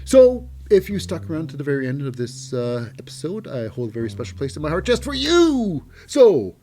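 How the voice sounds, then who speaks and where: Excitable male wrestling show host. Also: a little high, brisk. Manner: rambling and excitable, with many fillers and restarts. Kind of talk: casual wrestling recap commentary.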